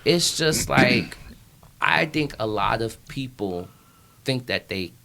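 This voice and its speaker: An earnest young man speaks as a guest in a relaxed interview. His voice is bright and forceful, and he stresses his points with sudden leaps in pitch. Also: slow, vocal fry. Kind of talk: casual interview chat.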